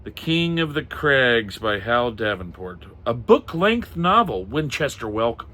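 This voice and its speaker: A man's voice: mid-range voice, big pitch swings, a little slow, sharp tone. A middle-aged man chatting casually as he shows off old pulp magazines, reading titles aloud with wry muttered asides. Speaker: comic and pulp collector. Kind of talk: casual show-and-tell chat.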